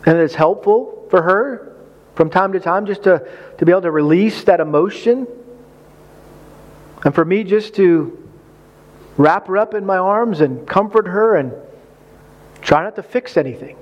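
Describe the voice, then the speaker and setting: Man, high voice, sermon, animated storyteller, acts out his reactions. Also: measured pace, pauses often, dull audio. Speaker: pastor.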